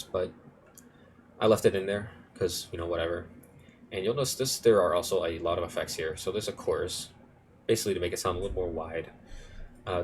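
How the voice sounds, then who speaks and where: A man's voice: low voice, slight background noise. A young man casually walking through his music project file, rambling and correcting himself as he goes. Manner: rambling, self-correcting, offhand. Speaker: music producer. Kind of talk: casual screen-recorded tutorial walkthrough.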